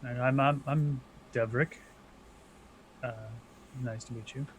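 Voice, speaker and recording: A man's voice: mid-range voice, steady tone, takes it slowly, a little hiss or hum, poor audio. A man playing a tabletop role-playing game, speaking hesitantly and stumbling over his words in character. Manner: hesitant, lots of uhs and restarts. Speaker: player. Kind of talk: casual tabletop role-play.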